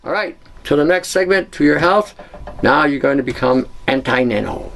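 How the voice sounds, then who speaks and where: Chatty man, fairly high voice. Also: animated, normal speed, creaky, a bit bright, rough recording. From Canada. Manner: chatty, laughs at his own jokes, blunt. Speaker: host. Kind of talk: casual how-to talk.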